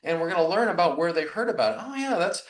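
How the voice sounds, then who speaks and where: A man's voice: high voice, sing-song, fast talker, far from the mic. A man teaching real estate agents in a conversational way on a video call, acting out what he and clients say. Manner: conversational, acts out client dialogue. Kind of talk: coaching talk on a video call. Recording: roomy echo, a little off the mic.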